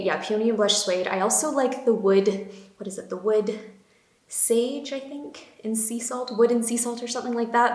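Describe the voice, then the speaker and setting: A young woman gushing about beauty products in a casual vlog, with lots of fillers. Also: medium pitch. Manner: bubbly, gushing, many fillers. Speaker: beauty vlogger. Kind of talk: casual chatty product talk. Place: home room. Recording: echoey room.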